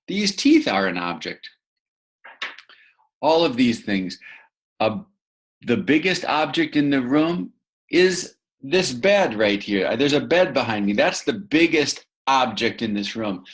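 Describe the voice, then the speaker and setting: Man, teacher, very slow, mid pitch, patient, repeats words for kids. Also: sing-song. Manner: patient, repeats words, asks listener to say them. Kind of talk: slow vocabulary lesson for young learners. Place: room with a bed, indoors.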